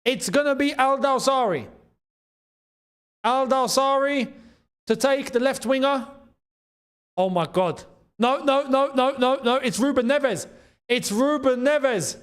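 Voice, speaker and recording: A young man with a London accent hosting a live football watchalong, chatting in slang and breaking into excited shouts at big chances. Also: very high-pitched, slow, pauses often, smooth. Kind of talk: live match watchalong commentary.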